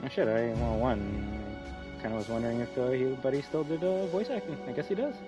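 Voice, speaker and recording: A man's voice: mid-range voice, brisk. A man live-streaming a game, talking casually and rambling, swearing often and restarting his sentences. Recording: slightly muffled with faint music.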